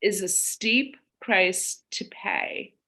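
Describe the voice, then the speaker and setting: A woman's voice: medium pitch, extremely slow, sharp tone. A woman in her forties, a guest author in a casual podcast conversation, telling candid family stories and acting out the quoted lines. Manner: candid storyteller, acts out quoted dialogue.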